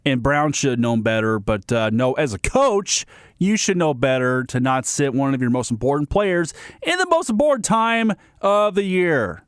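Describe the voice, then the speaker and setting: A man's voice: mid-range voice, very animated, normal speed, smooth, dry recording, studio quality. Blunt ranting male sports host. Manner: blunt, ranting, repeats himself, many restarts. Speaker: sports radio segment host. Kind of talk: opinionated sports commentary.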